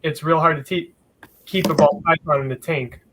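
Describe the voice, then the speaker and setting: A man's voice: fairly high pitch, fairly even intonation, normal speed, crowd noise, low-quality recording. A man co-hosting a casual live stream, mostly giving short agreeing replies and brief explanations.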